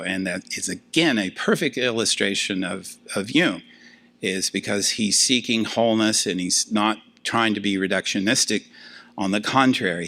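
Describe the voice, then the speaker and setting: An older man, a professor, giving a conversational lecture to a class, with frequent fillers and lively asides. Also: fairly low pitch.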